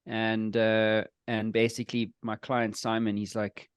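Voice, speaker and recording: A man's voice: fairly low pitch, monotone, unhurried, smooth, no echo, studio quality. A man hosting a casual podcast, asking questions and telling loose, profane stories. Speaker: podcast host.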